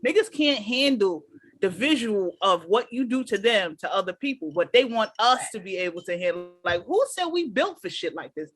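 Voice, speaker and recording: A woman co-hosting a casual podcast chat, telling animated stories full of slang and swearing. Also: mid-range voice, moderate pace, no echo. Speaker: podcast co-host.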